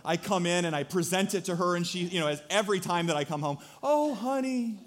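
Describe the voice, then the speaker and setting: A man's voice: sits high, steady tone, fast talker, fairly bright tone. A young man preaching a sermon, joking and acting out little scenes as he tells a story. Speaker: pastor.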